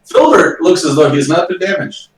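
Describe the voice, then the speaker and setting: A man playing in a tabletop game, animated and quick to protest in a playful way. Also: a little high, echoey room, far from the mic, crowd noise, rough recording. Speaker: player. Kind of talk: casual tabletop play.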